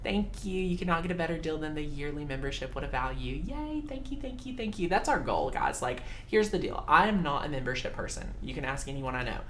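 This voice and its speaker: A woman's voice: low-pitched, big pitch swings, a little fast, hardly any pauses, a bit bright, slight background noise. A woman hosting a casual craft live stream, chatty and upbeat. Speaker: craft channel host.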